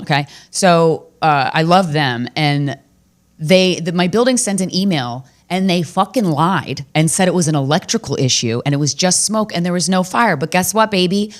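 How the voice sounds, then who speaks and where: Brash, profane woman comedian with a deep voice, hosting her podcast as she riffs through a story, jumping suddenly into loud highs.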